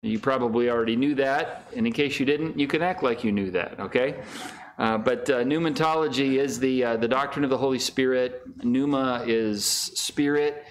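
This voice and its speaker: Middle-aged man, pastor type, casual Bible-study teacher, filler-heavy, average pitch. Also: moderate pace. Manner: casual, many fillers and restarts; reads scripture in raised, higher voice.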